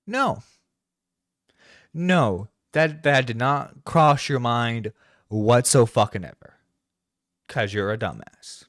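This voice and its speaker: A man's voice: mid-range voice, slow pace, long pauses, a bit bright, no echo, studio quality. A man streaming a reaction to a video, swearing and exasperated, stumbling over his words. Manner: profane, exasperated, stammering. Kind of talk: reaction commentary. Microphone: close streaming mic.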